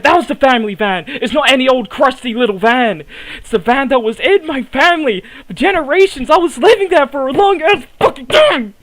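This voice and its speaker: A man with a notably high voice tears into a heated wrestling promo. He rants in fury and swears constantly. He pours out his grievances with bitter intensity. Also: a bit bright, low-quality recording. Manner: furious ranting with heavy swearing; halting and stumbling at the start.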